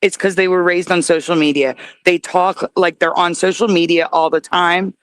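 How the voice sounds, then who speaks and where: A woman's voice: on the low side, fairly even intonation, normal speed, clear, resonant tone, no echo. A woman hosting a live stream, chatting casually and skeptically while reading viewer comments aloud. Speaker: host reacting to videos.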